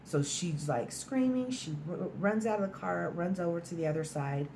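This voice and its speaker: A woman's voice: fairly low pitch, moderate pace, mellow, slight background noise. A woman casually recapping a film's plot in a chatty, storytelling way, sprinkled with "like" and mild swearing. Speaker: movie reviewer.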